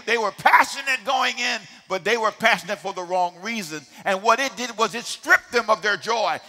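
Bright-voiced, high-pitched male preacher. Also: in a large hall. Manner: emphatic call-and-response preaching, swings from quiet asides to shouting. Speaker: pastor. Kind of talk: sermon. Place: church sanctuary.

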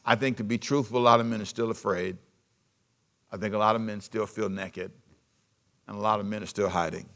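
Male pastor, sermon delivery, bright forceful tone, dynamic swings loud to hushed. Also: fairly low pitch, fairly even intonation, a little fast, pauses often. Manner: preaching with sudden swings from loud emphasis to hushed asides.

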